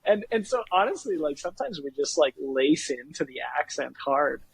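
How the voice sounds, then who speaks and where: A man's voice: a little high, moderate pace, vocal fry, slightly rough, no room sound, poor audio. A young Canadian man, a sales leader, talking energetically in a casual podcast interview and acting out lines from call scripts. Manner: energetic, laughs often, acts out call scripts. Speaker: sales executive guest.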